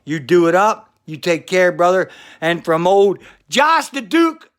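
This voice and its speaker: A former pro wrestler, a man, giving a loud congratulatory shout-out in a hollering, sing-song manner. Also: high voice, big pitch swings, unhurried, hardly any pauses. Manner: hollering, sing-song, calls everyone brother. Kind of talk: loud congratulatory video message.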